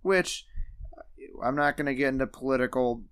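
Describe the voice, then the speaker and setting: A man co-hosting a casual podcast, recapping a cartoon movie and acting out the characters' lines with lively energy. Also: medium pitch, moderate pace, clean tone. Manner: animated, acts out characters' lines while retelling. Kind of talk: casual chat.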